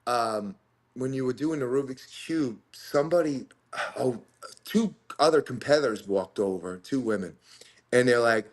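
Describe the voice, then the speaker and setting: A man's voice: medium pitch, moderate pace. A man co-hosting a casual chat, telling a story with plenty of laughter. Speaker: podcast co-host.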